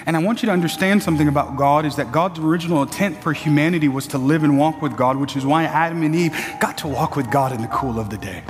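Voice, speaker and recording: High-voiced male preacher in a reverberant hall. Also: fast talker, hardly any pauses, faint music behind. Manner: building to shouted, high-pitched peaks, playful asides to the congregation. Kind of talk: sermon.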